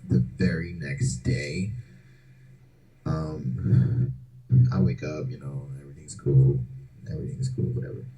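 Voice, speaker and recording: Male podcast host, deep mellow voice, casual profane storyteller. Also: steady tone, measured pace, long pauses, faint music behind, rough recording. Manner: loose and profane, slangy fillers.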